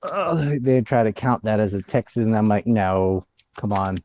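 A man's voice: medium pitch, lively intonation, a little fast, darkish tone, highs cut off. A man hosting a casual political chat, blunt and opinionated, ranting about the news.

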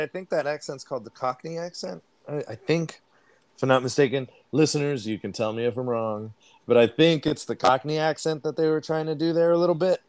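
A man co-hosting a casual movie review podcast, talking in an animated way, stretching words for emphasis and asking the listeners questions. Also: mid-range voice, no room sound. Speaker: podcast co-host.

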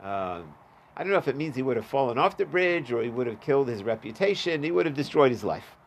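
A man's voice: medium pitch, big pitch swings, fast talker, a little hiss or hum. A man teaching a Talmud class, reading the Aramaic and translating it in a casual, chatty way. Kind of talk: daf yomi Talmud class.

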